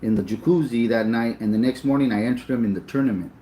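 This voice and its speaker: A man's voice: medium pitch, fast talker, warm tone, roomy sound, a little hiss or hum, poor audio. A man telling a personal story in casual, profane speech, with emotion and plenty of repetition. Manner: emotional, profane, repeats himself. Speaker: storyteller recounting his son's boxing.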